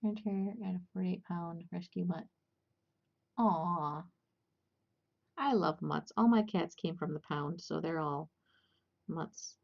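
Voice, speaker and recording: A woman's voice: on the low side, moderate pace, vocal fry, highs cut off. A young woman casually chatting and rambling with lots of fillers and restarts while hosting a crochet livestream.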